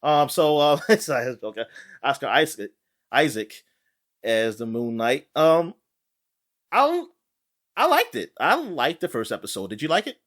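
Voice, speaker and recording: Male podcast co-host, raised pitch, very lively, casual rambling chat. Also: a little slow, pauses often. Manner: animated, laughing, rambling with restarts.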